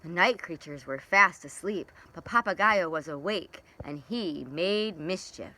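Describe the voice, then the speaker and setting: A woman librarian reading a children's picture book aloud in an expressive storytelling way. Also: lowish voice, unhurried, poor audio.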